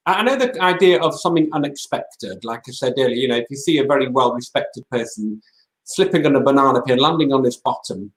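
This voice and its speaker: Male host, lively pitch, hesitant with fillers, echoey room. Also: quick pace. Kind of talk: interview. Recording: roomy echo.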